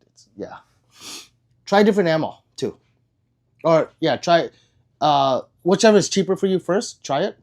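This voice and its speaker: A man's voice: a little high, lively intonation, normal speed, darkish tone. A young man hosting a casual live stream, joking and rambling as he reads out viewer comments. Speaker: livestream host reading chat.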